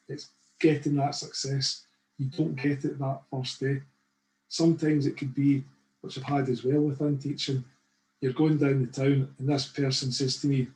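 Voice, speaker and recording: A middle-aged Scottish man talks through a webinar on a video call, telling stories in a chatty, conversational way. His voice is mellow and warm, and the room sounds echoey. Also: mid-range voice. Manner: chatty storytelling, frequent "right?". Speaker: course leader. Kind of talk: webinar talk with anecdotes.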